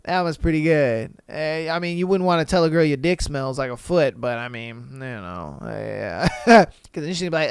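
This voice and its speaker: Joking, slangy podcast host with a smooth voice. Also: medium pitch, expressive, moderate pace, no echo. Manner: laid-back, joking, slangy, laughs at own bits; slips into exaggerated voices to act out quotes. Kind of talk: casual solo podcast chat.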